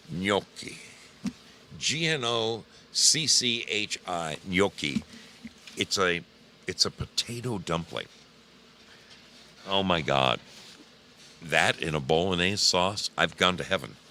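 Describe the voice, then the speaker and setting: A man's voice: low-pitched, bright, forceful tone, slight background noise. A tired man hosting a casual livestream, chatting with viewers and reading their names, drawling and swearing freely. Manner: drawling, profane, talks to chat by name. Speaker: livestream host.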